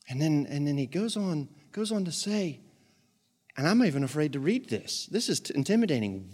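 A man's voice: fairly high pitch, fairly quick. A man preaching a sermon as pastor, telling Bible stories with jokes and acted-out quotes. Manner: lively, joking storyteller who acts out quotes.

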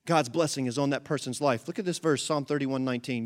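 A man's voice: mid-range voice, fast. A man preaching a sermon to a congregation, passionate, with repeated rhetorical questions and calls to the audience. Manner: passionate preaching, rising to near-shouts when voicing God. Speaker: pastor.

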